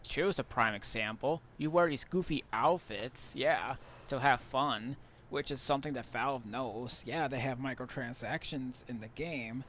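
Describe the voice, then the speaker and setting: Guy arguing in his video, bright sharp voice, bit of background hiss. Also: mid-range voice, unhurried. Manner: argumentative, indignant. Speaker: YouTuber in a clip being reacted to. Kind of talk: argumentative video commentary.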